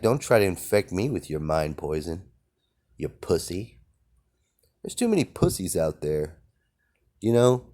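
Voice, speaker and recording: Low-voiced man in a profane rant. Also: dark tone. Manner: profane, rambling, defiant. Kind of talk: ranting monologue.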